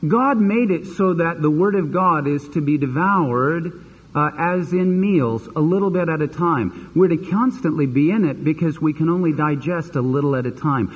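Husky pastor preaching in an echoey church. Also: male voice, fairly high pitch, brisk. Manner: animated preaching, acting out quoted voices. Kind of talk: sermon. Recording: dull lo-fi sermon recording with long reverb.

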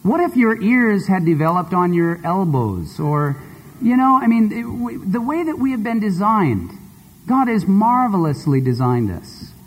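A male preacher giving a sermon and telling a story in an expressive, conversational way. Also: high-pitched, measured pace, breathy edge. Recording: long hall reverb.

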